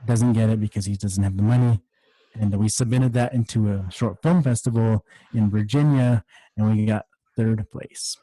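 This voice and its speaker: A man's voice: on the low side, steady tone, normal speed, dark tone, no room sound, rough recording. A man co-hosting a casual podcast, telling stories about past projects and laughing easily. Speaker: podcast co-host. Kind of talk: casual chat.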